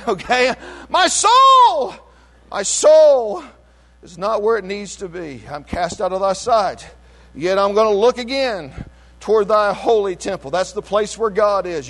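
A man preaching a sermon in a call-and-response style, swinging between shouted lines and low, quiet passages. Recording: long hall reverb.

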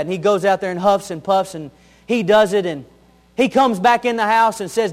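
A man's voice: high voice, moderate pace. A young adult man, a pastor, preaching a sermon in an earnest way, telling homely stories and repeating his key phrases.

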